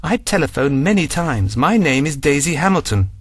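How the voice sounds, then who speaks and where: A man's voice: on the high side, very animated, moderate pace, slightly rough, no echo, clean studio sound, voice pushed up. A man voicing an insistent, increasingly aggressive young businesswoman in a storybook reading. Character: determined young businesswoman, Daisy.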